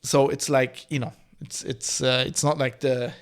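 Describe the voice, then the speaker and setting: A man's voice: mid-range voice, level tone, measured pace. A man, hosting a live-streamed solo podcast and explaining history in long, winding asides. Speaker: podcast host.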